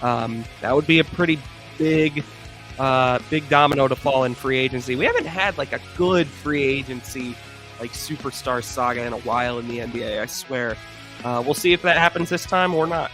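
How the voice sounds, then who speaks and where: A man's voice: medium pitch, moderate pace, fairly bright tone, soft background music. A young man co-hosting a sports podcast who talks in a chatty, opinionated way with frequent fillers. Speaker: podcast co-host. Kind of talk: casual sports chat.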